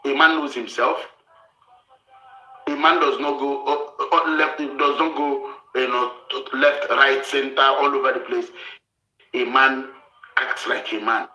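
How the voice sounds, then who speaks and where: Forceful lecturing man, bright tone. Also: mid-range voice, level tone, measured pace, roomy sound, dull audio, soft background music. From Africa. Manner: forceful, lecturing, repeats himself. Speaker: show host giving relationship advice. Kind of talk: blunt advice talk.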